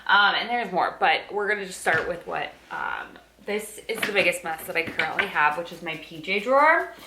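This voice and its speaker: A daily vlogger chats casually at home while sorting a dresser, filmed on a handheld phone. She's chatty and candid, using loose fillers, and her lowish voice is sing-song at a moderate pace. The room is echoey, with faint noise.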